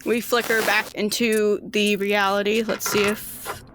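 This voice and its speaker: A woman's voice: mid-range voice, level tone, unhurried, background noise. A woman narrating a tabletop game as game master, rambling with many fillers.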